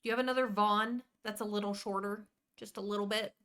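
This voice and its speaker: Woman streamer, casual and chatty, mid-pitched voice, greets her chat while she plays. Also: steady tone, quick pace, smooth. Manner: chatty, rambling, warmly greets viewers by name. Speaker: live streamer.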